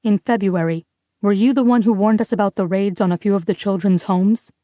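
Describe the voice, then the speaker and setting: A woman's voice: medium pitch, brisk, mellow, dry recording, muffled recording, natural voice. A woman voicing a frightened, suspicious young woman who questions everything. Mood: wary. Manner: wary, questioning.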